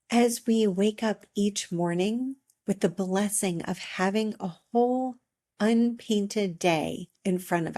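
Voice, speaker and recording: A middle-aged woman life coach with a medium-pitched voice gives a reflective motivational talk. She speaks gently and encouragingly, leaving long pauses.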